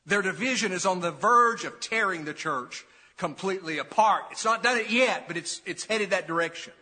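Middle-aged preacher ringing through a church hall. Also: male voice, high-pitched, normal speed, pushed and bright. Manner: emphatic, preaching with rising intensity and questions to the congregation. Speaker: pastor. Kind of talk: expository sermon. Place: church sanctuary. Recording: long reverb of a church hall.

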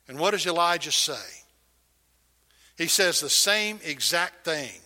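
A middle-aged man preaching a sermon, swinging from loud emphasis to hushed near-whispers. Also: on the high side, expressive, takes it slowly, pauses often, big-room sound. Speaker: pastor.

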